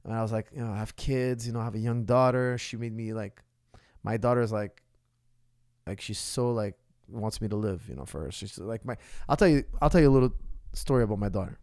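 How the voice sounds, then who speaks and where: A man's voice: lowish voice, a little fast, a little mellow, no room sound, studio quality. A man in his forties, a martial arts coach, answering viewer questions in an emphatic way and often checking in with "okay?". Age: 40s.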